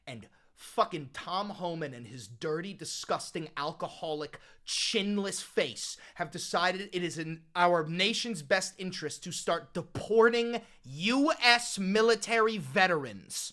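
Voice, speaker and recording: Man, reaction video host, profane heated rant, animated swings in pitch, bright forceful tone. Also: measured pace, few pauses. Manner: profane, impassioned ranting.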